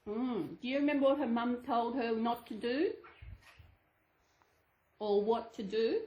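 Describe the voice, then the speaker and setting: A woman's voice: fairly high pitch, measured pace, warm tone, lo-fi sound. A woman channel host reading a children's storybook aloud to her dolls, sing-song with chatty asides. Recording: echoey room.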